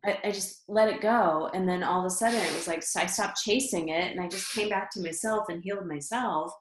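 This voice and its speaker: Middle-aged woman, interview guest, fairly low voice, lively anecdotes full of fillers and laughs; roomy echo. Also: a little fast, background noise. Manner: animated, laughs often, many fillers and restarts. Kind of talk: personal storytelling in conversation.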